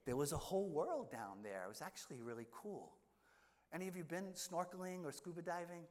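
A man's voice: fairly high pitch, lively intonation, a little fast, darkish tone. A middle-aged man, a priest, telling a funny self-mocking story in a sermon. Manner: self-deprecating humorous storytelling. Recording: echoey hall with long reverb.

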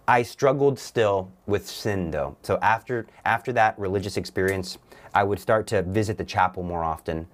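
A young man, a guest on an interview show, telling his personal faith story earnestly, with halting restarts. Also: lowish voice.

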